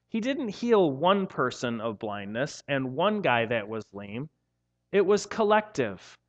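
A man preaching a sermon, telling the story in a playful, animated way with casual slang. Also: a little high. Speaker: pastor.

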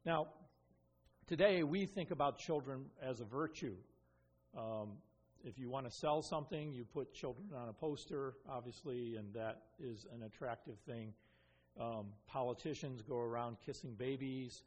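A pastor giving an earnest expository sermon, with frequent ums and restarts. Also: male voice, medium pitch, moderate pace, a little mellow, husky. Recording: long reverb of a hall.

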